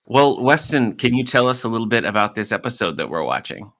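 Chatty middle-aged male co-host, bright tone, easygoing questions. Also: medium pitch, big pitch swings, fairly quick. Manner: chatty, laid-back, asks his son questions. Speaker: podcast co-host. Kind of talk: casual podcast chat.

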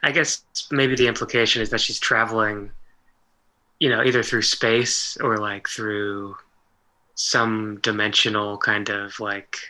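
A man co-hosting a casual podcast conversation, halting and filling almost every phrase with "like.". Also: on the low side, little pitch movement, bright, forceful tone, poor audio.

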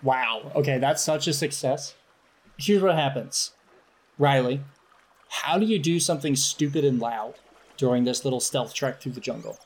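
A man running a tabletop game as game master, narrating in a relaxed, chatty way. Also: medium pitch, moderate pace.

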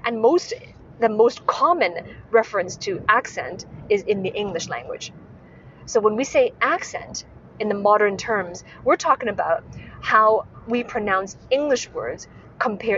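Woman, podcast host, speech coach, instructive monologue, keeps asking "right?", mid-pitched voice. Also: normal speed, fairly bright tone, highs cut off, slight background noise. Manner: frequent tag questions, self-corrections.

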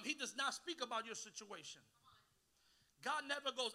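A man, preaching a sermon as a guest pastor, swinging from hushed asides to shouting and calling on the congregation to answer. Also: very high-pitched, animated, normal speed.

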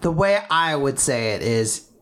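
A man's voice: medium pitch, expressive, unhurried, fairly bright tone. A man co-hosting a podcast in casual, enthusiastic chat, laughing often. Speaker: podcast co-host.

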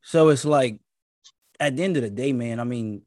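Brief: easygoing male guest, mid-pitched, rambling asides, dry close mic. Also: normal speed, mellow, no echo. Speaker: podcast guest. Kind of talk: casual panel chat.

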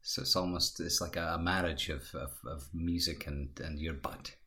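A man's voice: extremely low pitch, fairly even intonation, normal speed, pushed and bright. A man hosting an improvised comedy interview, hesitant and mock-serious, often repeating words.

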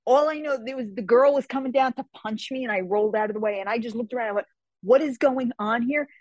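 Lively woman telling stories, dry close sound. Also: a little high, no echo. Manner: animated, acts out others' lines in quick voices; laughs between phrases. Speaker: guest, fantasy novelist and martial artist. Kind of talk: casual interview storytelling.

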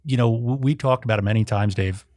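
A middle-aged man speaking as a guest in a casual interview, plainspoken and measured, dropping short agreements between points. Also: lowish voice, darkish tone, no echo, clean studio sound. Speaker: guest, retired federal agent.

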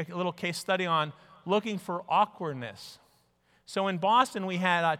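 Bright high-voiced man in a hall. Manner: animated storytelling with mock quoted voices. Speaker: speaker. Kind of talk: conference talk. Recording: reverberant hall.

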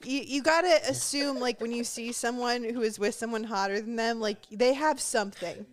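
A woman's voice: a little high, normal speed. A woman from Southern California hosting a podcast, talking in a giggly, chatty, self-deprecating way. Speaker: podcast host. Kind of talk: casual chat.

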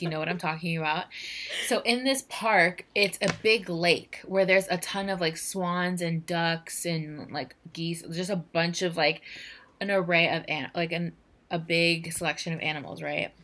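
A woman's voice: fairly low pitch, steady tone, moderate pace, a bit bright. A young woman co-hosting a podcast, talking casually with lots of fillers and some swearing. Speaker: podcast co-host. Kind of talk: casual chat.

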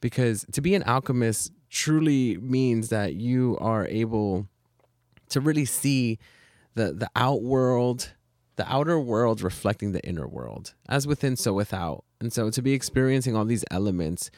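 A man's voice: medium pitch, animated, normal speed, a little mellow, no room sound, studio quality. Earnest, reflective man on a podcast. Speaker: podcast co-host. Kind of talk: casual chat.

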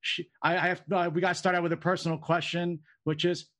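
A man's voice: high voice, little pitch movement, fast, fairly bright tone. A man co-hosting a podcast in a casual, joking, chatty way, often laughing. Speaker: co-host, law professor. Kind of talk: casual chat.

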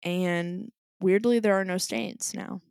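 A woman's voice: medium pitch, takes it slowly, vocal fry, clean tone, dry recording, clean studio sound. A woman in her twenties co-hosting a podcast, telling a story in casual chat and acting out what people said. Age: 20s. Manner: animated storyteller acting out quotes. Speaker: podcast co-host.

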